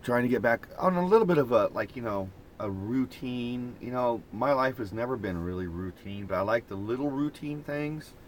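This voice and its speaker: A man's voice: mid-range voice, lively intonation, normal speed, hardly any pauses, slight background noise. A man vlogging in casual chat, rambling in an easygoing, reflective way from inside a moving camper van.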